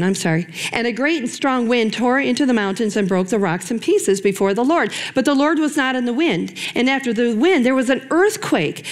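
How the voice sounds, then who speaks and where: A middle-aged woman with a fairly high voice preaches a sermon to a women's ministry group. She's earnest and personal, with a lively delivery and dramatic pauses.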